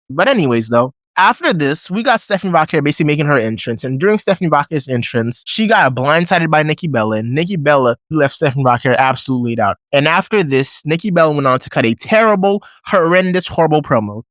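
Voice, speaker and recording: Animated man recapping with a dry close sound. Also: on the high side, quick pace, hardly any pauses, no room sound. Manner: animated, acts out reactions in a raised voice. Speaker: wrestling show reviewer. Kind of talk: casual recap commentary.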